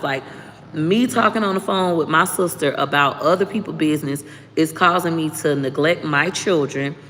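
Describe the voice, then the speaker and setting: A woman, hosting a livestream and giving frank, profane, lively life advice. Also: sits low. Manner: frank, profane, animated storytelling. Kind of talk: casual livestream chat. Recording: long reverb, faint background noise.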